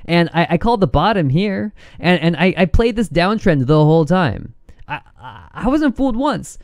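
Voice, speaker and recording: A man doing a casual vlog about trading charts, excitable and giddy, quick to laugh as he goes. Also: high voice, no room sound. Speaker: trading vlogger.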